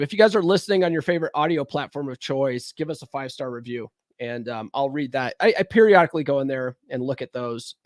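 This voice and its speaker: A man's voice: on the high side, a bit bright, no room sound, clean studio sound. A man hosting a casual livestream, rambling and conversational, recovering from a cold. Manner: rambling, conversational, frequent fillers and restarts. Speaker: livestream host.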